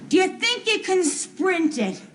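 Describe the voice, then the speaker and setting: An actress playing a naive, flustered housewife in a 1970s TV soap, rambling and repeating herself nervously. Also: female voice, extremely high pitch, sing-song, unhurried, heavy background noise, exaggerated voice. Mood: rattled.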